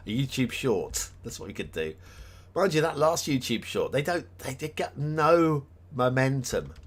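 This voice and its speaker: A man chatting casually on a live stream as he reviews game maps, thinking aloud with plenty of ums and restarts and chuckling at himself. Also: medium pitch. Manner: chuckles often, self-deprecating.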